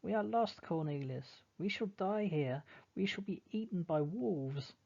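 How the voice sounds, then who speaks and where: Storybook figure: a terrified, wailing young girl, read by a man, high-pitched, gravelly edge. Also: lively intonation, moderate pace, dark tone, muffled recording. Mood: panicked. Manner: panicky, tearful. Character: young schoolgirl, frightened and wailing.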